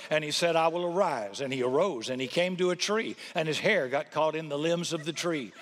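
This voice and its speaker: A man's voice: fairly high pitch, brisk, a bit bright, long reverb tail, lightly acted. A man voicing an uneducated would-be preacher who earnestly rambles through jumbled scripture stories. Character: simple, eager uneducated old-time preacher candidate.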